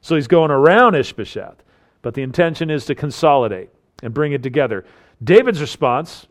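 A man teaching through a Bible passage, explaining its culture and acting out the quoted lines with rising emphasis. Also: brisk. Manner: animated, acts out quoted lines with rising pitch and force. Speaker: preacher.

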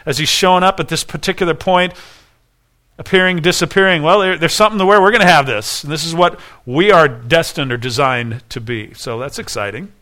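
Um homem pregando um sermão com fervor, fazendo perguntas retóricas à congregação. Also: male voice, a little high, a little fast, pushed and bright. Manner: earnest preaching with rhetorical questions. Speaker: pastor. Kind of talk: sermon.

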